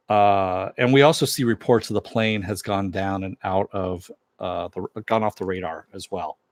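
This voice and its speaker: A man with a low voice talks through an episode recap in a loose, rambling way. He keeps acting out the characters' lines in quotes and swears freely. The sound is dry and close, with no room behind him. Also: dry recording. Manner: rambling, recounts scenes with quoted dialogue and swearing. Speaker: TV episode reviewer. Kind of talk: casual recap monologue.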